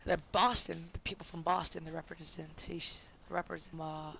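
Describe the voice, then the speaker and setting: A student rambles through a homemade history lesson with a gravelly, creaky voice, tripping over words and correcting themselves. The recording is noisy, with a steady hiss and clicks behind the voice. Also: mid-range voice, normal speed. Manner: rambling and goofy, full of fillers and self-corrections. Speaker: student making a history video. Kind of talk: jokey homemade history narration.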